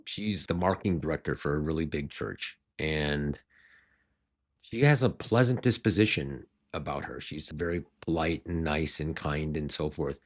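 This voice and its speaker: A man with a very deep, low voice coaches other school owners on growing their business. He talks in an animated, rambling way and often breaks off to restart a sentence. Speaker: martial arts school owner.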